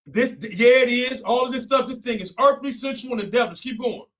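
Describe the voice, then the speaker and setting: A young man with a high, light voice delivers Bible study talk with fervor, repeating himself and slipping into casual speech. He speaks as a co-host leading a faith discussion. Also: a little fast, a bit bright. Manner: fervent, repetitive, colloquial.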